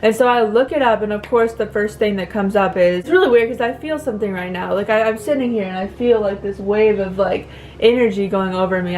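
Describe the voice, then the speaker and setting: A young woman speaking to her viewers in a personal vlog, emotional and close to tears, halting with many fillers and restarts. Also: mid-range voice, a little mellow, a little hiss or hum. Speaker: vlogger.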